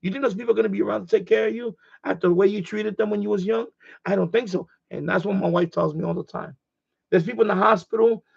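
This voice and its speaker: A man's voice: high-pitched, fairly even intonation, fast, gravelly, husky, lo-fi sound. A man hosting a casual ham radio live stream, rambling and repeating himself as he gets heated.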